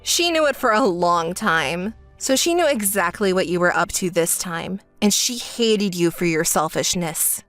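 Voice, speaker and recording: A woman's voice: fairly low pitch, expressive, measured pace, few pauses, fairly bright tone, dry recording, soft background music. A young woman narrating a dramatized texting story in a cold, firm manner.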